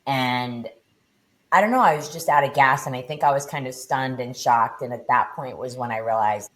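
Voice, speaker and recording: A middle-aged woman, a podcast guest, telling her personal story with intensity and frequent swearing. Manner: intense, swearing, low and deliberate.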